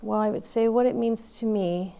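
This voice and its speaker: A woman's voice: mid-range voice, moderate pace, creaky, warm tone, clear, resonant tone. A woman in her fifties, a Marine Corps veteran, telling her story candidly in an interview with plenty of fillers and restarts.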